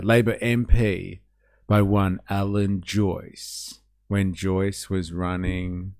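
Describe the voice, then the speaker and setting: A man's voice: sits low, creaky, warm tone, no echo, studio quality. A man hosting a live stream, giving sarcastic, sweary reaction commentary. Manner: sarcastic, swearing, laughing often.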